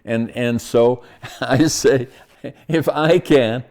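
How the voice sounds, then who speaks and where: An older man with a Dutch accent, a podcast host speaking haltingly in casual interview chat, often chuckling at himself. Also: mid-range voice, a little mellow. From northeastern Netherlands.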